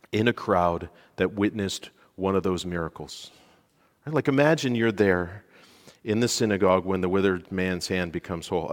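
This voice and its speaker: A man preaching a sermon, telling a story with lively emphasis, rising loud at key points and dropping to near quiet for dramatic moments. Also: on the low side. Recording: long hall reverb.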